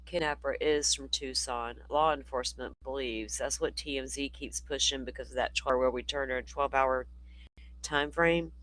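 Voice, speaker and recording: A man hosts a livestream, offering casual live commentary and chatting with his chat in a rambling way, his voice worn from talking all day. His voice is mid-range and fairly bright, with fairly even intonation and normal speed, and the recording is rough.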